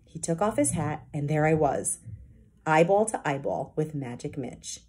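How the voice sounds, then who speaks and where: A woman kindergarten teacher reading a children's chapter book aloud with expressive storytelling narration. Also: sits low, moderate pace, breathy edge.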